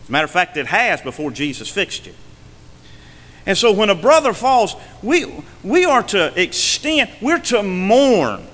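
A male pastor preaching a sermon from the pulpit, swinging between emphatic and hushed delivery. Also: high-pitched, big-room sound. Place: church sanctuary.

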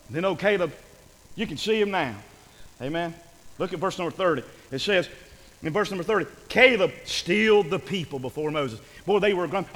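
A man preaching a fervent sermon, often shouting and repeating phrases for emphasis. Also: high-pitched, animated, moderate pace, in a large hall, low-quality recording.

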